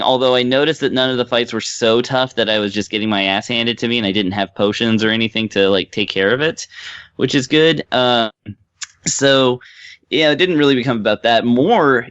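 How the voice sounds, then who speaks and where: A man's voice: medium pitch, fairly bright tone, clean tone, no room sound, dull audio. A man co-hosting a podcast, chatting casually about a game he reviewed, rambling with lots of fillers. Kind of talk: casual chat.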